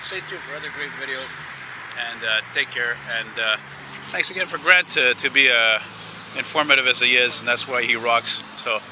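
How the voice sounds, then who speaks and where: Vlog host, man, mid-pitched, chatty and rambling, recorded walking outside with clear street traffic. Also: normal speed. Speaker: vlogger host. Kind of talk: casual walking vlog chat. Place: outdoors on a busy city street, walking. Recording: traffic noise outdoors.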